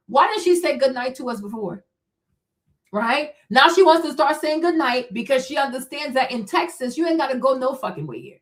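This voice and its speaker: Blunt, high-voiced woman streamer. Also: expressive, normal speed, fairly bright tone. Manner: blunt, profane, talks back to chat. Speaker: livestream host. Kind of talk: heated livestream commentary.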